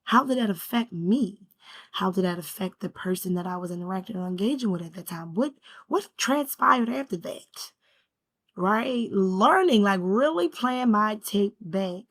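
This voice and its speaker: Woman, middle-pitched, personal spiritual vlog; earnest self-questioning, emotional edge, frequent "right?". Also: animated, moderate pace. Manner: heartfelt, repeats "right?", asks herself questions. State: emotional, near tears at times. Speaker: spiritual vlogger. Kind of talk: reflective personal talk to camera.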